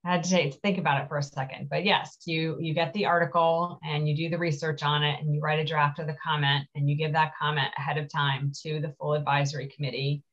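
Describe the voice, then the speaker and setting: A woman's voice: low voice, little pitch movement, fast talker, hardly any pauses, fairly bright tone. A woman chairing a town committee meeting, tired and plain-spoken. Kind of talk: meeting discussion. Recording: dull lo-fi meeting audio.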